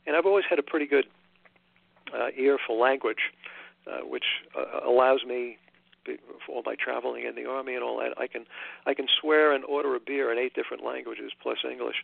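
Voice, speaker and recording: Older man with a gravelly voice on a tinny phone line. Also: mid-range voice, steady tone, dry recording. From Long Island, New York. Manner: halting, many fillers and restarts. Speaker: author guest. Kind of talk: radio interview.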